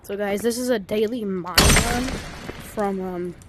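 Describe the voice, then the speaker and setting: A woman's voice: mid-range voice, measured pace, big-room sound, very noisy. A young woman playing a game and narrating it, bossy and teasing, with mock British slang. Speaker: player. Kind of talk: casual gaming chat.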